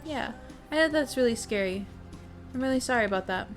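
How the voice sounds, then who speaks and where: A woman's voice: a little high, animated, fairly quick. Bubbly young woman chatting with stream viewers. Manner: bubbly, chatty, greets chat by name, swears casually. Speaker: livestream host. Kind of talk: casual chat with livestream viewers. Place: home streaming setup. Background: faint music playing.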